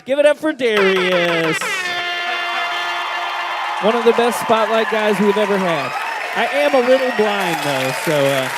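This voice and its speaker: A man hosting a live comedy and music show in a small venue, joking with the crowd in a brash, profane way. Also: sits high. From Kentucky. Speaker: host.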